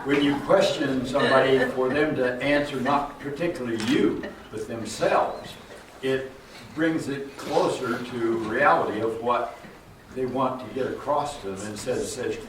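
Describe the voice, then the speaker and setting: A man in a Bible class speaking up from his seat, halting and thinking aloud. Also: mid-range voice. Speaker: class member. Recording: echoey room, far from mic, noisy.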